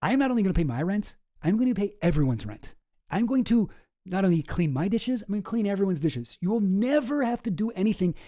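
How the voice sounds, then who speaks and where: A man's voice: high-pitched, big pitch swings, fairly quick, dark tone, no echo, studio quality, pitched above the performer's own voice. A man voicing a smug, pushy young male roommate who talks down to people. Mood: boastful. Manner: dismissive, condescending.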